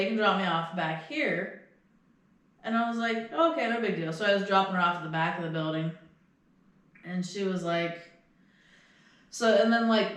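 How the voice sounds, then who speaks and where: Chatty woman in an echoey room. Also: medium pitch. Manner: rambling, profane, laughs at own stories. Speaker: podcast co-host. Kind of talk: casual storytelling chat.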